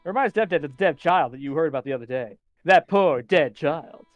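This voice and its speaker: A man's voice: on the high side, expressive, fairly quick, no room sound, highs cut off, faint music behind. Man speaking of himself in third person. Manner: refers to himself in the third person, mock-solemn. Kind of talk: playful role-play banter.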